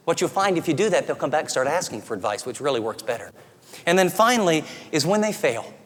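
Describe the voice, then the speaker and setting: A middle-aged man preaching a sermon, earnest and conversational, often dropping to soft, tender tones. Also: sits high. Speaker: pastor. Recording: long reverb of a large hall.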